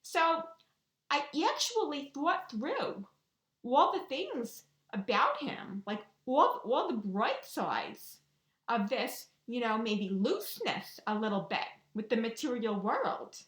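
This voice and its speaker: A woman's voice: on the high side, sing-song, slow, fairly bright tone, roomy sound. A woman vlogger telling a personal story in a casual, chatty way, often checking in with the listener. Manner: chatty, keeps checking in with "right?" and "you know".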